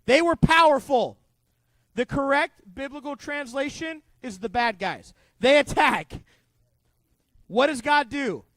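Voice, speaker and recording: A man with a strikingly high voice leads a youth group Bible lesson. He is animated and joking, full of asides and questions for the kids. The sound is dry, with no room echo. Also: measured pace. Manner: playful and joking, quizzing the kids. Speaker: youth pastor.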